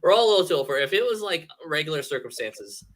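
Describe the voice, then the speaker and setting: A man co-hosting a casual streamed podcast, joking and animated, often slipping into quoted voices. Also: fairly high pitch, fast, slight background noise. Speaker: podcast co-host.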